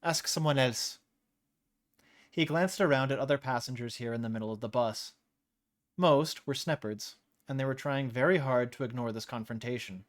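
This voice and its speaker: A male host reading a story aloud on a live stream. His narration is casual and easygoing, and he chuckles when he stumbles over a character's voice. He speaks at a middle pitch. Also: brisk. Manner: casual, laughs off slips.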